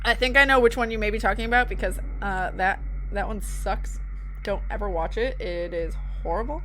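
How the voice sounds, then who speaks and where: A woman's voice: mid-range voice, brisk, fairly bright tone, a little hiss or hum. A young woman streaming live, chatting casually with her viewers, laughing often, and reading out horror files. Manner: giggly, chatty, reacting to chat.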